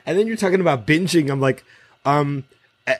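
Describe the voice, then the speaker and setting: A man co-hosting a podcast, chatting casually and telling stories in an animated way. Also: fairly high pitch, fairly quick, husky. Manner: animated storyteller, acts out quotes. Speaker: podcast co-host. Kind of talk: casual chat.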